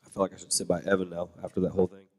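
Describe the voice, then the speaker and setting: Blunt, deep-voiced man in a hall. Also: level tone, rapid-fire, darkish tone. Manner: blunt and opinionated. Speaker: church leader and parent. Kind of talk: panel talk.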